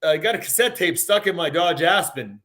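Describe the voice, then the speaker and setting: Laid-back Western Canadian singer. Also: male voice, on the high side, animated, moderate pace, a bit bright. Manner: easygoing storyteller, laid-back, says man and dude. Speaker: guest singer. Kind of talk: casual interview chat.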